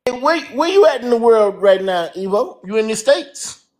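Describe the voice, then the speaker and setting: A man's voice: extremely high pitch, lively intonation, normal speed, darkish tone. A man hosting a live-stream panel, talking earnestly and rambling through his points.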